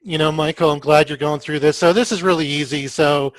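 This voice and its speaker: A man's voice: fairly high pitch, fairly even intonation, fairly quick, no room sound. A man hosting an interview, chatting in a friendly, easygoing way with fillers. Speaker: host. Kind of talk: casual interview talk.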